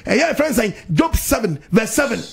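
A man with a Ghanaian accent preaching fervently in a call-and-response sermon, repeating lines and breaking into shouts and sung phrases. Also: very high-pitched, very animated, normal speed, vocal fry, a crowd in the background.

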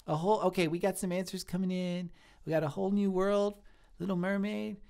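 A man's voice: high-pitched, fairly quick, vocal fry, clean tone. A man playing a sweet, shy male restaurant cook in his thirties, who talks in an earnest, rambling way in improvised live-stream comedy. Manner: earnest, easily flattered, rambling.

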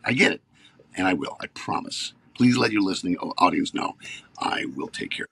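A podcast guest in his fifties who works as an actor tells animated stories in a casual chat, getting more and more riled up. He has a low, gravelly, husky voice at a moderate pace, with no echo.

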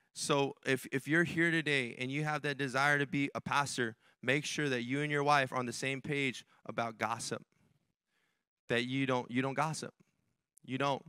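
A man's voice: on the high side, sharp tone, clear, resonant tone, no room sound. A male pastor preaching a sermon in a church, emphatic and direct with the congregation, often repeating his key phrases. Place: church sanctuary.

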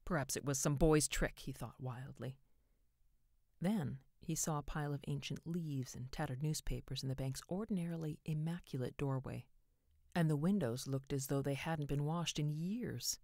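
Expressive woman narrating a story. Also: sits low, normal speed, no room sound, clean studio sound. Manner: expressive, voices each character.

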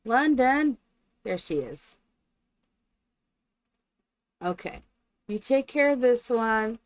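A woman's voice: fairly high pitch, expressive, slow, no echo, poor audio. A woman streaming gameplay live, chatting along and talking fondly to her game characters, after opening with a spoken blessing.

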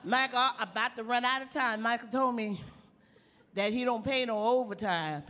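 An actress playing an elderly woman stand-up comic, telling folksy jokes with slow, sly punchlines on a theater stage. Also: a little high, a bit bright, slight background noise, natural voice. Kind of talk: live stand-up comedy routine in a play. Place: theater stage before an audience. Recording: long hall reverb of a live theater.

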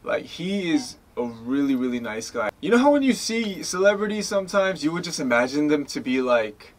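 With a brisk pace and a voice on the high side, a US man in his twenties tells animated stories as an interview guest, acting out quotes and using plenty of "like" and "you know" in the casual chat.

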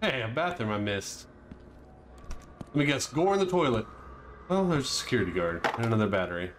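A man playing a horror game and commenting on it with jokes, breaking into panicky yelps and shouts when something startles him. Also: medium pitch, big pitch swings, a little fast, background noise. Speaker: let's play gamer.

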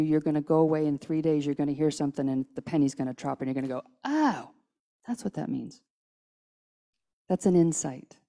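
Woman preacher, low-pitched and mellow, casual conversational sermon, tired. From United States. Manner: casual, chatty, with restarts and acted-out quotes. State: tired from little sleep. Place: church sanctuary.

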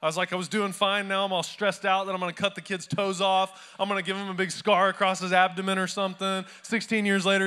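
Man, pastor, sermon, bright forceful voice, chatty storytelling, live church crowd. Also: high voice, level tone, a little fast, few pauses, smooth. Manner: conversational storytelling with humor. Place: church before a live congregation.

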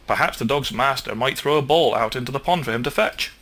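A man's voice: mid-range voice, fast talker, fairly bright tone, natural voice. A man doing a worried, earnest frog. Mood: insistent. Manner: earnest, patient, reasoning through what-ifs. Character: cautious, worrying male frog with a stick.

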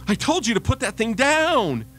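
A man's voice: fairly high pitch, normal speed, soft background music, close to an everyday voice. A man voicing a stressed, worn-out young mother who snaps at her daughter in a radio devotional story. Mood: snapping. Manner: sharp and clipped, turning apologetic.

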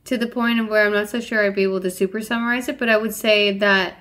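A woman co-hosting a book podcast, summarizing a story in a relaxed, casual way with fillers. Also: medium pitch, fast talker. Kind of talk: casual chat.

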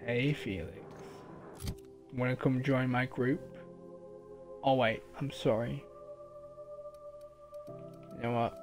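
A man streaming a video game live, commenting as he plays, with loud excited outbursts and swearing. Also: medium pitch, slow, long pauses. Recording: game music behind. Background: game music.

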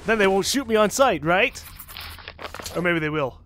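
Excitable high-voiced gamer. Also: male voice, normal speed, noisy background. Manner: excitable, swears, chatty asides. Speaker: let's-play gamer. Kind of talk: casual gameplay commentary.

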